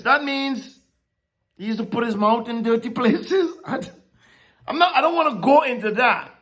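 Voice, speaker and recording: A preacher giving a casual, animated sermon, laughing often and slipping in slangy asides. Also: mid-range voice.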